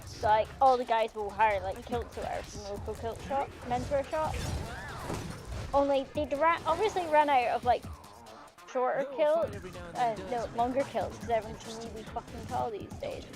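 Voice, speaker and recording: A young woman from the UK, chatting casually on voice chat, animated and quick to swear. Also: fairly high pitch. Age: young adult. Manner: animated, swears freely, ranting. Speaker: friend on voice chat. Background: game music.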